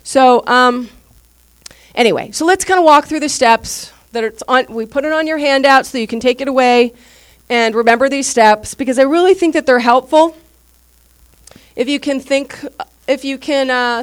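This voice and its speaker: A woman pastor with a slightly higher voice preaches to her congregation at a church service. Her talk is informal and candid, more like a conversation than a lecture, and she acts out what other people said. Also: normal speed, smooth. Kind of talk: teaching sermon.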